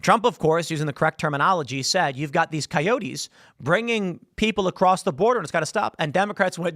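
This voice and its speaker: Hosting live political commentary, this man speaks with sarcasm and mockery, breaking into mock voices during his opinionated stream. His slightly high voice has lively intonation, a quick pace, and a fairly bright tone, in clean studio sound without echo.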